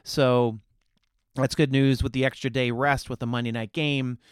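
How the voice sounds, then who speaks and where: Guy ranting on his sports podcast, smooth clear voice, dry close sound. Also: mid-range voice, little pitch movement, moderate pace, dry recording. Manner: opinionated, heated, mocking. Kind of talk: casual sports commentary.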